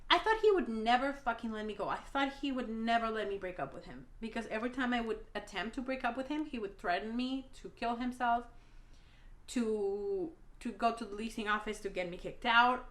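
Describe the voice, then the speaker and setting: A woman's voice: fairly high pitch, fairly quick, a bit bright, roomy sound. A woman telling an emotional storytime vlog, blunt and rambling, swearing a lot, a native Spanish speaker talking in English. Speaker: vlogger.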